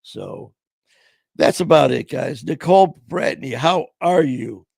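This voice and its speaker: A middle-aged man hosting a casual live-stream chat, his voice going hoarse, talking in a loose, heartfelt way full of "man" and "you know". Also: fairly high pitch, lively intonation, slow pace, a little mellow, no room sound. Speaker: podcast host.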